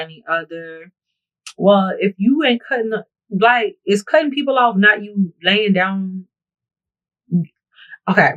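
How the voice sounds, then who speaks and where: A woman vlogger chatting casually to her viewers while getting ready, telling stories in a playful, animated way and often asking if they know what she's saying. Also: mid-range voice, poor audio. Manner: playful, animated storytelling with frequent laughs. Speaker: beauty vlogger. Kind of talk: get-ready-with-me casual chat.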